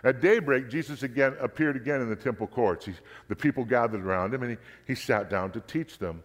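Man reading scripture in a reverberant hall. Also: medium pitch. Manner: steady, measured narration. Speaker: scripture reader.

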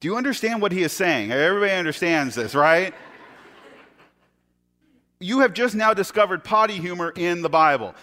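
A man's voice: lively intonation, normal speed, pauses often, bright, forceful tone. A man preaching a sermon, retelling a scripture story with sarcastic jokes, laughing now and then and acting out the quoted lines in shifting voices. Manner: acts out quoted speech in higher and lower voices. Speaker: pastor.

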